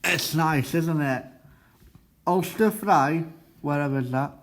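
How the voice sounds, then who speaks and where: A man hosts a student radio show at a slow, easy pace. His voice sits fairly high, and he rambles through his notes and throws questions to classmates in the studio. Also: animated, a bit bright. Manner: halting, chatty, quizzes classmates in the studio. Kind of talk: casual radio chat.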